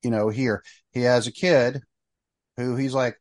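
A man's voice: medium pitch, fairly even intonation, unhurried, dry recording. Rambling male podcast host, dry sound. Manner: rambling, fillers, trailing off. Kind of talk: casual chat.

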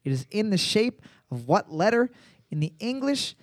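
A man with a high voice hosting a casual trivia quiz, heard dry and close. He reads each question twice and swears freely between laughs. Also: big pitch swings, normal speed, no room sound. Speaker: quiz host.

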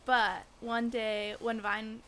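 A woman's voice: a little high, little pitch movement, slow, bright, forceful tone, a little hiss or hum. A woman co-hosting a podcast, chatting reflectively and laughing now and then. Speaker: podcast co-host. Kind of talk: casual chat.

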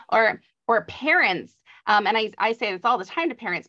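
A woman's voice: on the high side, lively intonation, moderate pace, hardly any pauses, pushed and bright. Earnest woman explaining, dull lo-fi audio. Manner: earnest, explanatory, with light laughs. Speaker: author and adoption guest. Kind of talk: conversational advice interview.

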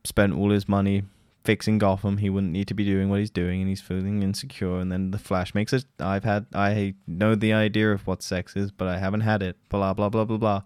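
Low-voiced man ranting about movies. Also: fairly even intonation, fairly quick, clear, resonant tone, no room sound, studio quality. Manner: rambling, profane, mocking quotes of characters. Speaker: podcast host. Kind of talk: casual solo film review.

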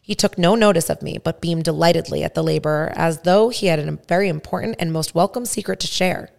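A woman podcast host reading a first-person story aloud in a measured way. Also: fairly low pitch, gravelly, a little mellow.

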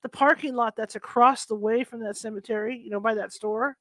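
A middle-aged woman from California chatting casually and spinning anecdotes with a chuckle in them. Her voice sits a little on the high side, recorded close and dry with no room sound. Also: fairly even intonation, fairly quick, a bit bright, no echo. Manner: chatty storyteller, laughs while telling. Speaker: conversation partner. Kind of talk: casual chat. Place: Sacramento, USA.

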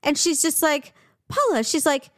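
A woman's voice: normal speed, no room sound, clean studio sound. A woman co-hosting a casual chat, telling stories and acting out quoted voices. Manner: animated, acts out quotes in high voices. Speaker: podcast co-host.

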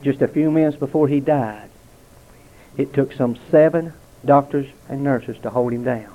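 A man giving a heartfelt spoken testimony to a gathering at a restaurant, telling stories with dramatic pauses. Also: medium pitch. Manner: earnest, storytelling with dramatic pauses. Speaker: lay speaker giving testimony. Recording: tinny, narrow-band lo-fi recording.

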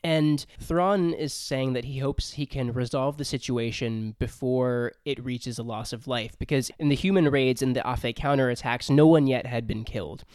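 Male podcast host, clean dry close sound, lively and laughing through a book chat. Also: mid-range voice, normal speed, few pauses, clear, resonant tone, no echo. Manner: animated, laughs often while describing. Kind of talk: casual book discussion.

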